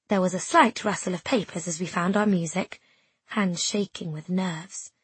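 Breathy, husky woman narrating a story. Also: mid-range voice, no echo. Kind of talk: scripted audiobook narration.

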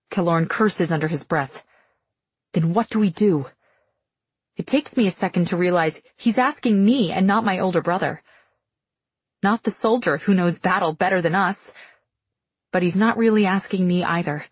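A woman's voice: on the low side, no room sound. A woman reading an audiobook in tense first-person narration.

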